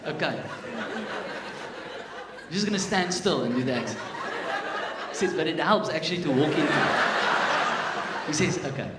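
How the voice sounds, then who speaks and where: Brief: South African male comic, animated and self-mocking, lively pitch, echoey theatre, loud crowd. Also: normal speed, long pauses, very noisy. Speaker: stand-up comedian. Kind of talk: stand-up comedy set. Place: theatre stage. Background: audience laughter.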